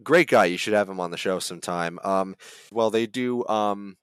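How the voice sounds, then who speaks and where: A male voice actor talks casually as a podcast guest. His voice is low and smooth, recorded dry and close. He rambles in a relaxed way, with plenty of fillers along the way. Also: normal speed, dry recording.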